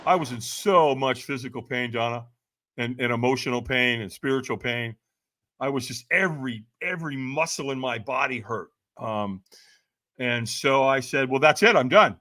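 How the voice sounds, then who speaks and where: A man in his sixties, a podcast guest telling his personal story in an animated way and acting out voices. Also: medium pitch, moderate pace, no room sound.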